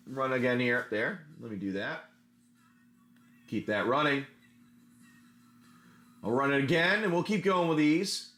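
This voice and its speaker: This man's voice sits in the middle range with a fairly bright tone. He's running a relaxed livestream, opening card packs and chatting, rambling on as he improvises an adventure tale while handling his cards.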